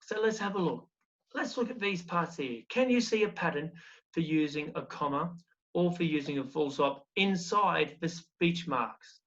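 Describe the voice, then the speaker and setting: A fairly high-voiced man teaching a recorded primary school lesson, coaxing along with one question after another. The sound is a touch dull and lo-fi. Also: expressive, measured pace, a bit bright. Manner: encouraging, explains step by step with questions.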